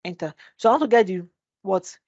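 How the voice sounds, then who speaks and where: A woman's voice: mid-range voice, expressive, a little fast, a little mellow, no echo. Woman instructor, live online tutorial, rhetorical questions, dull dry webinar sound. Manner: asks rhetorical "what?" questions and answers them. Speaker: Excel instructor. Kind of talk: live screen-share tutorial.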